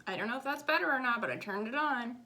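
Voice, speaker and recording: A woman's voice: fairly high pitch, lively intonation, quick pace, bright, forceful tone. A woman chatting casually to camera about her cross-stitch projects, rambling and self-deprecating. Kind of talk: casual chat.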